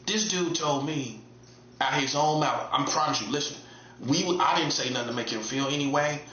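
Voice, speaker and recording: A man in a mid-range, pushed, bright voice speaks at a moderate pace, giving a casual but emphatic monologue as an online preacher. He repeats himself and uses street slang. The room is echoey and the sound dull and lo-fi.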